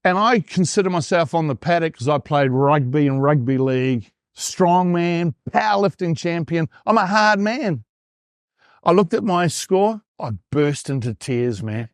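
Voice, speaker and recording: A man's voice: a little high, lively intonation, a little slow, clear, resonant tone, no room sound, studio quality. A New Zealand man in his fifties, a performance coach telling his story in an interview and acting out his past thoughts. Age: 50s.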